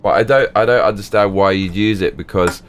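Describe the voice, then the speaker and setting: A man's voice: lowish voice, a little fast. A man with a suburban middle-class British accent, chatting casually while streaming a game live. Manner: casual, chatty, reacting to chat. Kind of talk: live gaming commentary.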